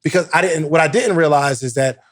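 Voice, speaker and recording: Man, casual podcast host, relaxed, quick agreeing replies. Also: fairly high pitch. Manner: laid-back, short affirmations, playful asides. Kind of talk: casual conversation.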